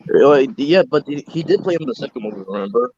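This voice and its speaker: A young man co-hosting a casual podcast chat, relaxed and chatty with loose asides. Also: a little high, quick pace, a crowd in the background. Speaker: co-host. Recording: dull lo-fi recording.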